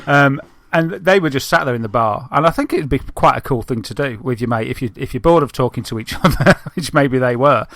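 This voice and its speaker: A man with a Northern English accent chats casually on a podcast, drifting through long anecdotes full of fillers and restarts. His voice sits at a medium pitch and sounds dry, with no room echo. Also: brisk, hardly any pauses, fairly bright tone. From Northern England. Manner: chatty, rambling storyteller with many fillers. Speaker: podcast co-host. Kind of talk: casual chat.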